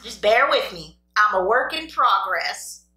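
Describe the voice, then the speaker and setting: Lady rambling to her viewers between bites, bright voice, kinda echoey room. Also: mid-range voice, expressive, unhurried, distant mic. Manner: rambling, self-deprecating, talks to viewers. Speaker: mukbang host. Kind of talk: casual chat while eating.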